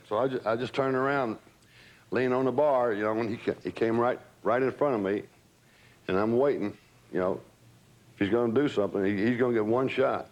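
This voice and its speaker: An older man, recounting old stories in an interview, animated and acting out what people said. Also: medium pitch, brisk, low-quality recording. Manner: animated storyteller who acts out quotes. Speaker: interviewee, former entourage member. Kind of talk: storytelling reminiscence.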